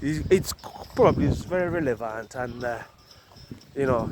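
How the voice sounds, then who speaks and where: A man's voice: medium pitch, measured pace, long pauses, a little hiss or hum. A man with a Ugandan accent talking casually to camera outdoors in cold weather, chatty and mixing English with Luganda. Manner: chatty, switching between English and Luganda, laughing asides. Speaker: vlogger. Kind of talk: casual vlog monologue.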